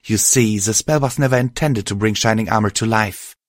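A man's voice: on the low side, fairly quick, no echo, close to an everyday voice. Storybook heroine: man voicing a defiant, strained young unicorn mare, dry close sound.

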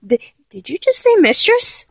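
A woman's voice: extremely high pitch, big pitch swings, a little slow, creaky, no echo, full character voice. A woman playing a flustered young lover who keeps trying and failing to act dominant, in a comedic audio role-play, talking in an exasperated, self-correcting way.

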